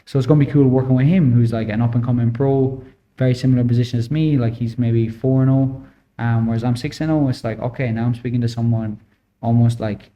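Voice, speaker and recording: A man's voice: mid-range voice, steady tone, quick pace, mellow. A man in his twenties with an Irish accent, a boxing coach telling stories as a podcast guest, with many filler words. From Ireland. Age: 20s. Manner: storytelling, lots of "like" fillers. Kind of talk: casual interview chat.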